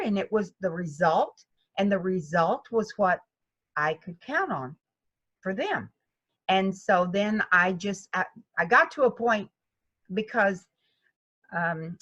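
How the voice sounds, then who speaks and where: Animated woman golf instructor. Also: medium pitch, unhurried, dull audio. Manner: animated storytelling, acts out students' voices. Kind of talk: interview conversation.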